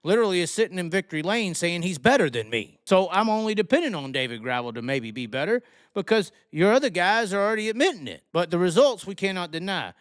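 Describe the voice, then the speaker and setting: Southern US man, profane racing rant, slightly high voice, smooth tone, dry close sound. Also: sing-song, fast, few pauses, no echo. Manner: heated, blunt, heavy swearing. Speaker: racing commentator.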